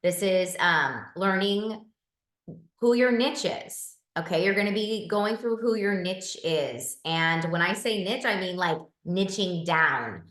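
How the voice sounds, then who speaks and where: A woman from Southern California hosting a group video call, enthusiastic and encouraging, talking in quick bursts. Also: medium pitch, animated, fairly bright tone, reverberant.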